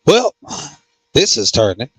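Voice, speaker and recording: A man who hosts a casual livestream and reads comments, talking slowly with many fillers and restarts. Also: medium pitch, huge pitch swings, a bit bright, slightly rough, no room sound. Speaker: host.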